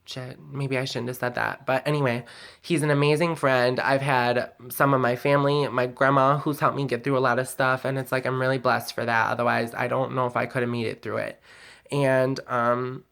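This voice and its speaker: A man's voice: mid-range voice, level tone, normal speed, vocal fry, fairly bright tone. Emotional, candid man venting on camera. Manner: candid and emotional, rambling with many "like"s and some swearing. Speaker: vlogger. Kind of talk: personal confessional vlog.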